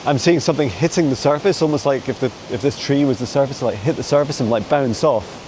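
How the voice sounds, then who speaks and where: A chatty man vlogs on a forest walk with his dog, filming on a handheld phone and answering viewer questions as a psychic mentor. His medium-pitched voice moves quickly, meandering with frequent soft laughs. The audio is poor, with a little hiss or hum.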